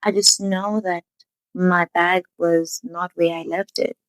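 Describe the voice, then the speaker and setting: A woman voicing a calm, wealthy young woman who speaks softly and with composure. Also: fairly low pitch, slow pace, no echo, poor audio.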